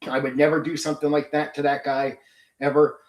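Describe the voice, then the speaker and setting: This middle-aged channel host has a fairly high voice and a flat, brisk delivery, heard in an echoey room. He vents bluntly and swears a lot during a casual, ranting livestream chat.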